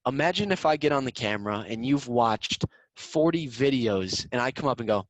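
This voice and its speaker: A man's voice: medium pitch, moderate pace, dry recording, poor audio. A young man coaching students on a video call in an upbeat, casual way, often repeating words as he talks. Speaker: student sales competition coach.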